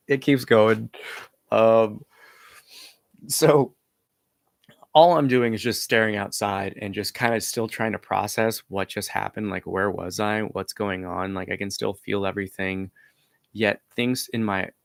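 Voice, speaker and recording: Low gravelly young man, rambling. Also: no room sound. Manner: rambling, heavy filler words, hesitant restarts. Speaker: vlogger. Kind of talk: casual personal storytelling.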